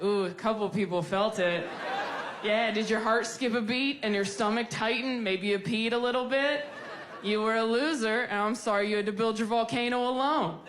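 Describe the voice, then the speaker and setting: A woman's voice: a little high, normal speed, a little hiss or hum. A young woman, a stand-up comedian, bantering with the audience in a sarcastic, brash manner on a handheld mic. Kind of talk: stand-up set with crowd work. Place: comedy stage before a live audience. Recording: live show with loud crowd laughter.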